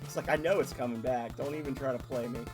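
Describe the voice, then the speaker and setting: A man streaming a video game live, chatting excitedly with viewers and laughing often. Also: mid-range voice, quick pace. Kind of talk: live-stream gaming commentary. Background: video game music.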